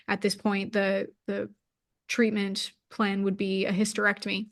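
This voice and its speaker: A woman in her thirties, an interview guest, tells a personal story openly and emotionally, peppering it with "like." Her mid-range voice keeps a level tone at normal speed.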